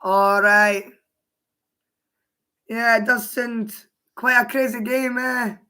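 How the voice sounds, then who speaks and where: A Scottish woman with a hoarse, worn voice, chatting casually on a livestream and answering her viewers' comments aloud. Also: on the high side, steady tone, slow pace, pushed and bright. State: hoarse, voice mostly gone.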